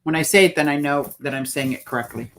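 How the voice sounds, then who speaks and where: A woman's voice: sits low, fast talker. A woman hosting a casual livestream, chatting and reading out viewer comments. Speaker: livestream host.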